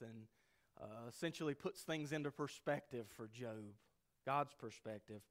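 A man delivering a sermon from the pulpit in an earnest preaching voice. His delivery swings between hushed, low asides and loud, emphatic peaks, with a voice pitched in the middle range. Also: normal speed. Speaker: pastor.

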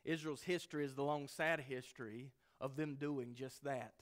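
A man delivering a sermon from the pulpit in an earnest preaching voice. His delivery swings between hushed, low asides and loud, emphatic peaks, with a voice pitched in the middle range. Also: steady tone, moderate pace. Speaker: pastor.

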